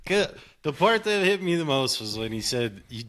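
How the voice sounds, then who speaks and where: A man's voice: fairly high pitch, big pitch swings, normal speed, fairly bright tone. A man co-hosting a podcast in casual chat, rambling and profane, with many fillers. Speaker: podcast co-host.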